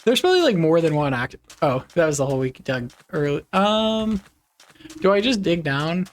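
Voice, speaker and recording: A man's voice: fairly high pitch, very animated, normal speed. A man chatting casually with his viewers on a live game stream, laughing often.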